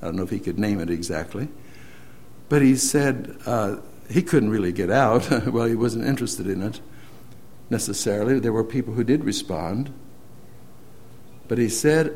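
A man preaching a sermon, earnestly retelling a story and often letting his sentences trail off softly. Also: fairly low pitch, moderate pace, pauses often.

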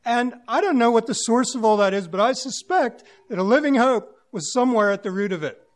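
A man's voice: extremely high pitch, expressive, brisk. A man preaching a sermon to his congregation, musing aloud in a plain-spoken way and using homely examples.

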